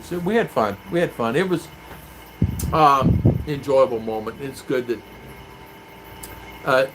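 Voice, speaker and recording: A man in a casual live-stream chat, rambling as he reads out viewer comments and answers them. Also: medium pitch. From United States. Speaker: vlogger. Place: home in the Philippines. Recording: clear clicking noise behind voice.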